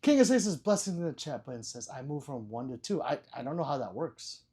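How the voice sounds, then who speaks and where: A man's voice: medium pitch, very animated, a little fast, warm tone, breathy edge. A man hosting a casual livestream, reading viewers' chat messages aloud, joking, laughing and swearing freely. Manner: loose and profane. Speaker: livestream host.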